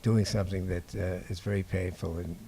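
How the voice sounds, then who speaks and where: An older man from Boston, a documentary filmmaker telling stories to an audience in a halting, unhurried way. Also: low voice, fairly even intonation, vocal fry, dark tone, a little hiss or hum. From Boston, USA. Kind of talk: anecdotal talk to an audience. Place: indoor screening before an audience.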